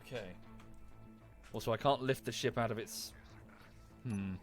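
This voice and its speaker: A man's voice: mid-range voice, unhurried, faint music behind. A man with an Estuary English accent chatting casually while streaming a game, rambling and thanking viewers as he goes. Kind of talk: casual gameplay commentary.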